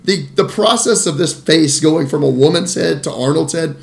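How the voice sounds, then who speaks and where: A man on a casual movie podcast with a gravelly, fry-heavy voice that sits a little high. He jokes crudely and laughs a lot. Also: moderate pace. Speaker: podcast co-host.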